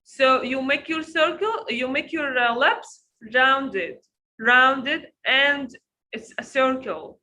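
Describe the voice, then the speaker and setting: A woman teaching pronunciation in an online lesson, repeating each word slowly to drill it. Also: sits high, bright, forceful tone, a little hiss or hum, rough recording. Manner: slow, repeats words to drill them.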